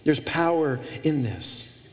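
A man's voice: fairly high pitch, lively intonation, slow. A male pastor preaching a sermon, emphatic, with repeated phrases and restarts. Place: church auditorium. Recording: long reverb of a large hall.

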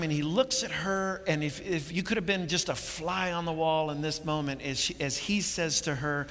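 A man's voice: on the high side, steady tone, moderate pace, bright, forceful tone, in a large hall. A man preaching a sermon, earnest and building to emphatic points, often repeating words as he goes.

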